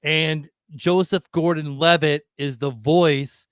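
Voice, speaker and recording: A man's voice: on the high side, fairly even intonation, slow, a bit bright, clear, resonant tone, no echo, studio quality. A man hosting a casual podcast, laid-back and encouraging toward his co-host.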